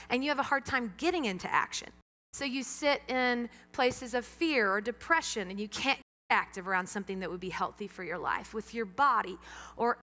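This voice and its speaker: A middle-aged woman preaches to her church in a high, bright voice, playing out her own reactions as she tells stories. Her words ring out with a long reverb from the sanctuary. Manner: animated storytelling, acts out her own reactions. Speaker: pastor. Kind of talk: sermon.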